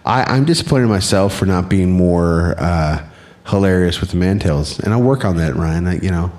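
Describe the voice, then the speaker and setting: An American man co-hosting a podcast, bantering loosely and cracking jokes with a ready laugh. His voice sits somewhat low, and the talk is casual and playful. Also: animated, moderate pace, darkish tone. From United States. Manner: jokey, riffing, often laughing and doing silly voices. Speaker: podcast co-host.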